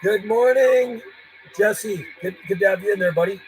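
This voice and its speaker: A man's voice: high voice, flat delivery, fast talker, background noise. Friendly ham radio man calling on air. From Canada. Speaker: radio operator. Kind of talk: live-streamed ham radio chat. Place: home radio room.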